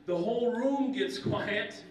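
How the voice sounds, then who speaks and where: A young adult man from Kuwait doing an animated stand-up comedy set in a conference center banquet hall, slipping into character voices. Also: takes it slowly. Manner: animated, jumps into high-pitched character voices. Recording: roomy hall, distant mic, faint noise.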